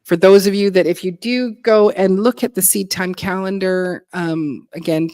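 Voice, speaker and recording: A woman's voice: medium pitch, fairly even intonation, moderate pace, warm tone. A woman co-hosting a casual livestream chat, loose and playful, with many restarts.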